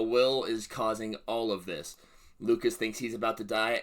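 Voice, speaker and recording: A man reviewing a show for his reaction channel, speaking in a lowish, forceful voice. He is excitable and keeps bursting into loud exclamations. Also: normal speed.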